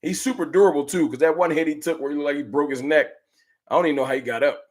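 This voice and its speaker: A man hosting a fan livestream, chatting with viewers and ranting with slangy, animated trash talk. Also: on the high side, racing. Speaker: sports fan livestream host. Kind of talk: casual livestream chat reading super chats.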